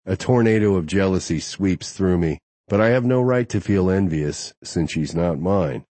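A man's voice: sits low, expressive, normal speed, dark tone, dry recording. A man narrating a romance audiobook in first person, intimate and wry.

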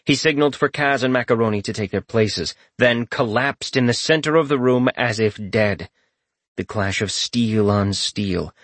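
A man reading a fantasy audiobook in steady, even storytelling narration. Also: medium pitch, no echo.

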